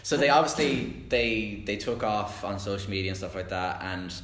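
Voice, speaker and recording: A man's voice: lowish voice, normal speed, fairly bright tone, reverberant, slight background noise. A man hosting a casual podcast chat, joking and asking questions. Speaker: podcast host.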